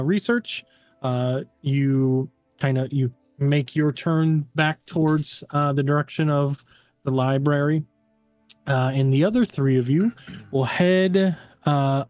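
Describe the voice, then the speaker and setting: A man's voice: a little high, a little mellow, dry recording. A man narrating a tabletop game as game master, in a casual style full of fillers.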